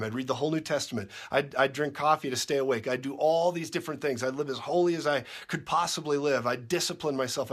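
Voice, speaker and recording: A man preaching a sermon, insistent and repetitive, dropping quiet and then rising to shouts. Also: mid-range voice.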